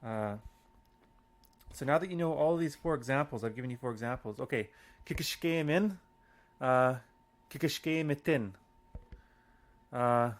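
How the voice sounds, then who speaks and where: Speaking in a mid-range voice, a man teaches a language lesson over audio. He's casual and talkative, often using fillers and starting over, and he eases his pace when spelling out sample phrases.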